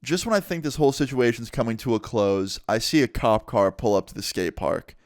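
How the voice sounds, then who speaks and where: A young man casually telling a storytime vlog with animated delivery and heavy swearing. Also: mid-range voice, brisk, no room sound, studio quality. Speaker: vlogger.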